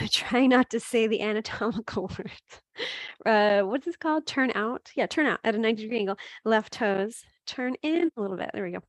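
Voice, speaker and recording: A woman teaching a gentle yoga class, giving steady cues with chatty asides and laughing at her own slips. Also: medium pitch, dry recording, studio quality. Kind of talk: guided yoga class instruction.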